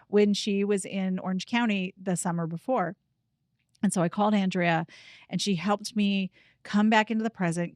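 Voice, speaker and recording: A woman's voice: medium pitch, dry recording. Earnest woman guiding listeners, dry close sound. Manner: earnest, heartfelt, slows down to guide listeners. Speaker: grief coach and host. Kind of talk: reflective personal talk and guided practice.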